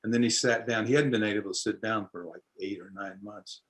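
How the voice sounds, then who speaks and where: Man, fairly low voice, storyteller, interview, unhurried, folksy manner. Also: steady tone, fairly bright tone, low-quality recording. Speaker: storyteller and musician.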